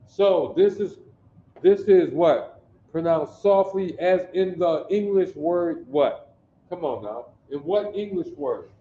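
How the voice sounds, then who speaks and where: A man from Detroit teaching a basic Hebrew class, drilling pronunciation slowly and coaxing the class to answer. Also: on the high side, expressive, mellow. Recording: echoey room, distant dull mic.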